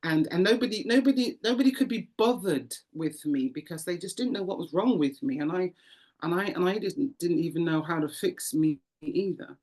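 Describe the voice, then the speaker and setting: Brief: low-pitched woman, interview guest, animated testimony with acted-out voices. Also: moderate pace. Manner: animated storyteller, acts out voices, frequent repetitions. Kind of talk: emotional testimony.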